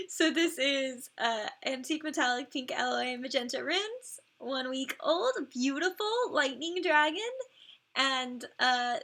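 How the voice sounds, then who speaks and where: A woman's voice: high voice, gravelly, bright, forceful tone. A woman streamer in casual live-stream commentary, chatty and effusive, gushing praise and laughing often between remarks.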